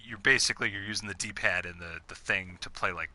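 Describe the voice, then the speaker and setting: A man's voice: low-pitched, a little fast, pushed and bright. A young man chatting casually while gaming, rambling with lots of fillers and swearing. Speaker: gamer.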